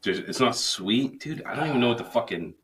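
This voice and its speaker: A man's voice: medium pitch, animated, a little fast, a bit bright, slight background noise. A man hosting a casual podcast, joking and swearing loosely with a friend while drinking. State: tipsy from drinking beer. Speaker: podcast host. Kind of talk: casual chat. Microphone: studio mic.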